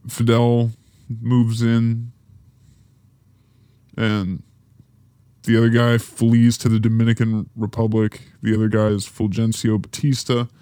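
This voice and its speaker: In this casual history rundown, the male podcast host speaks at medium pitch with a slightly mellow, clean tone and no room sound. He works through a timeline, pausing now and then for offhand jokes.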